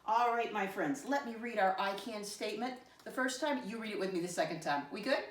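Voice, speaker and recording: A woman teacher talking a lesson for young children in an animated, sing-song way, slowing down to spell words letter by letter. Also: medium pitch, reverberant.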